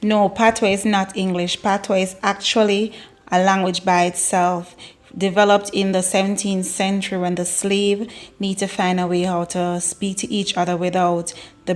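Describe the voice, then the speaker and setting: A woman from Jamaica with a Jamaican accent, teaching Patois words in a casual, playful vlog. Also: on the low side. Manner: playful, laughs often while teaching.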